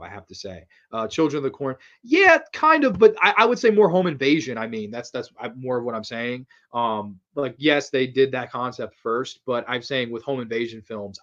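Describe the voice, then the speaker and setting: A young man hosting a casual horror film review, rambling and swearing freely, excited by what he talks about, sometimes answering live chat. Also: mid-range voice, muffled recording. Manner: rambling, profane and enthusiastic, reacts to live comments.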